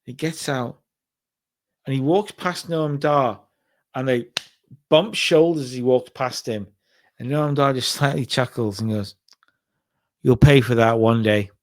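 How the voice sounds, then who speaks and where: A man's voice: medium pitch, a little slow, pauses often. A man casually narrating and recapping matches in a wrestling simulation game. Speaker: game commentator. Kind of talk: let's play narration of a wrestling sim.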